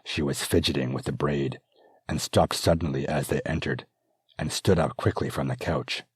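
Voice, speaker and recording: A man narrating his own fantasy audiobook in a measured, descriptive storytelling manner. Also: extremely low pitch, steady tone, husky, no echo, clean studio sound. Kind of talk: scripted narration.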